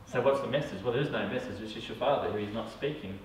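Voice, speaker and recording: This is an Australian psychic medium teaching a small group in casual conversation, talking fast in a medium pitch and frequently asking "all right?". He's heard from afar in an echoey room, with a little hiss or hum.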